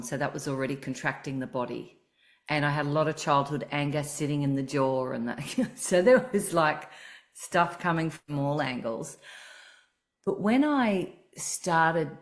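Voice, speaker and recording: A woman singing teacher hosting a podcast, explaining voice technique earnestly in casual chat. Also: sits low.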